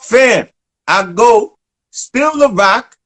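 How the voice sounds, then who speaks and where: A high-voiced man from New York with a strong local accent tells a story in a quick, excitable way. He jumps between shouts and deep, rumbling imitations of the people he quotes. His delivery is loose and casual. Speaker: guest. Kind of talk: animated storytelling in casual chat.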